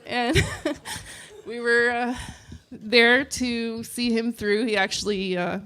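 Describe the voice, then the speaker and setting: A woman giving a eulogy for her father, speaking softly and hesitantly, close to tears. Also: fairly high pitch, level tone, slow, clear, resonant tone. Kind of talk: memorial speech.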